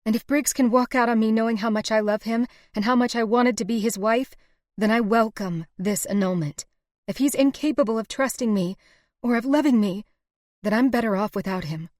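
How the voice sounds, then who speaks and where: A woman's voice: on the high side, moderate pace, darkish tone, no room sound, clean studio sound, voice pushed up, lightly acted. A woman voicing a desperate young frontier bride. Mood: angry. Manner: pleading, breaking into anger. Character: young frontier bride, frightened then furious. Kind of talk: audiobook character voice.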